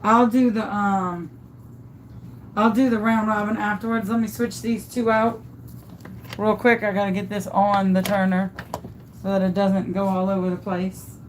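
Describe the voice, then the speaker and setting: Woman, mid-pitched voice, casual crafting tutorial, chatty, thinking aloud. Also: little pitch movement, moderate pace, a little hiss or hum, poor audio. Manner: chatty, thinks aloud, often gushes over the work. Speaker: crafter demonstrating epoxy tumbler making.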